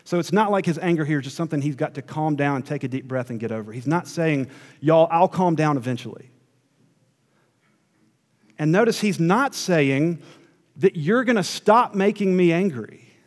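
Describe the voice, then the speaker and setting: A pastor preaching a sermon, his fairly high voice dropping to hushed asides and then climbing into emphatic runs. The sound carries the long reverb of a large hall. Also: animated, normal speed.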